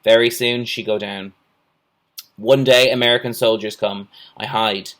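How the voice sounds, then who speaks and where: A man's voice: lowish voice, steady tone, measured pace, fairly bright tone. A man reading a storybook aloud, voicing an old, wary male island hermit who speaks in clipped, broken English. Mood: solemn. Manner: clipped broken English, plain short phrases.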